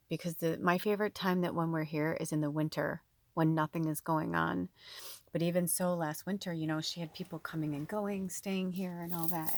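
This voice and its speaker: Chatty woman with a low, dry voice. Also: a little mellow, no room sound. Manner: chatty, full of "like" and quoted dialogue, emotional, near tears. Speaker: tarot reader and spiritual medium. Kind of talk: casual storytelling to camera.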